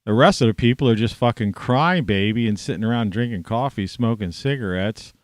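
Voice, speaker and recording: A man with a fairly low voice that swings up and down a lot, ranting in a rambling, profanity-laced monologue. He sounds scornful and bursts out loudly now and then. The sound is dry and close, with no room echo. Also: expressive, brisk. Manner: heavy swearing, scornful, sudden loud outbursts. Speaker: vlogger. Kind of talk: profane rambling rant to camera.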